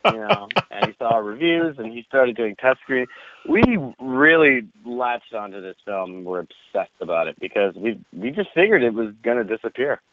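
Man on a tinny line, animated storyteller. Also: mid-range voice, normal speed. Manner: animated, profane anecdote teller with frequent laughs. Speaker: guest. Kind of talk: casual storytelling.

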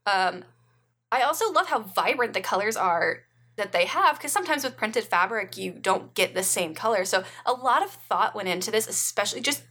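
A woman's voice: medium pitch, animated, moderate pace, pushed and bright. A woman co-hosting a casual chat, enthusiastic and rambling with many restarts. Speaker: podcast co-host.

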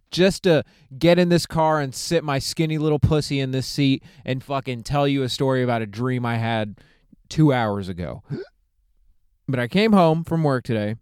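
A young man rambles through a profane solo comedy podcast from the driver's seat of a parked car, laughing at his own jokes as he goes. His voice is smooth and clear. The sound is dry and close, with no room around it. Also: medium pitch, dry recording.

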